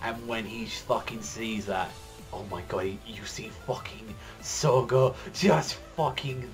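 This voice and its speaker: A lower-pitched man rambles through an excited reaction commentary, cursing constantly and tumbling over his own words. Faint music plays quietly under his voice. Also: unhurried. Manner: rambling, heavy swearing, breathless excitement. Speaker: manga reaction youtuber.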